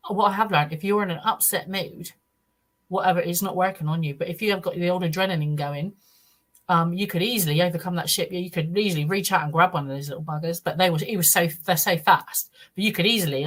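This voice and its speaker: A middle-aged Englishwoman with a fairly low voice speaks as a guest on a podcast interview. She recounts her own experience earnestly, stopping and restarting her sentences as she goes. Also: a bit bright. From United Kingdom. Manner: earnest, halting storytelling with frequent restarts. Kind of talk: first-person account in a podcast interview.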